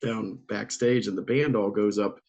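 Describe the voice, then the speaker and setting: A man's voice: on the low side, normal speed. A middle-aged man from Northeast Ohio, a musician telling casual anecdotes with frequent laughter. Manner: laughs often, animated anecdotes with acted quotes. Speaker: musician guest. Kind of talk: casual storytelling.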